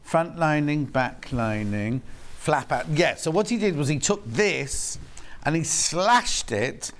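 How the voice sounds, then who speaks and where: A man's voice: a little high, animated, slow pace. A man with a British accent presenting on a live shopping channel, chatty and rambling with self-mocking asides, in a TV studio.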